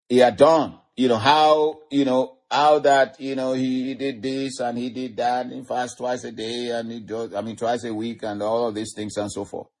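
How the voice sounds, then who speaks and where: A male preacher delivering a sermon with fervent, filler-laden storytelling that builds to excited outbursts. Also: medium pitch. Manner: fervent, frequent "you know" fillers, rising to excited cries.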